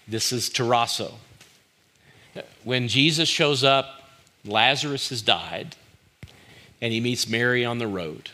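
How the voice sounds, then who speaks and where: A man's voice: mid-range voice, takes it slowly, pauses often, sharp tone. A middle-aged male pastor preaching a conversational sermon, firing rhetorical questions at the congregation and acting out quoted lines.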